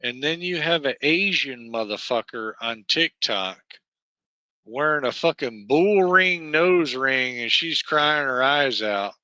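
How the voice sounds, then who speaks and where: Speaking with a Southern American accent, this man rambles through a slow, profane livestream monologue full of fillers and false starts. The medium-pitched voice has lively intonation and a very bright, cutting edge, recorded up close and fully dry without any room.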